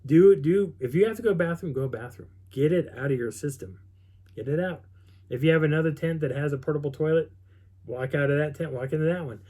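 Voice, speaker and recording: A man's voice: on the high side, quick pace, warm tone. A middle-aged man casually telling a long story as a vlogger, rambling with restarts and quoting what others said. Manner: rambling, with many restarts and quoted dialogue. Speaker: vlogger recounting an outdoor experience.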